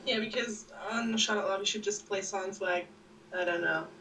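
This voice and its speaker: A woman's voice: mid-range voice, normal speed, gravelly, over a noisy crowd, rough recording. A woman co-hosting a casual podcast who is sick, teasing her co-host and giggling as she chats. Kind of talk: casual chat.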